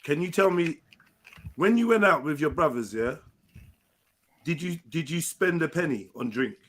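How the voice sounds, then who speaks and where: A man's voice: fairly high pitch, expressive, moderate pace, a bit bright. Panel man, blunt and probing, slightly raised voice. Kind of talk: casual panel chat.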